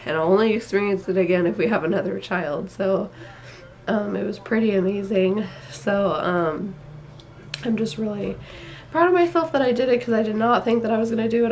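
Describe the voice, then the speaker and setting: A woman's voice: mid-range voice, a little mellow. A young woman vlogger telling a personal story in a rambling, emotional way, tired and full of fillers.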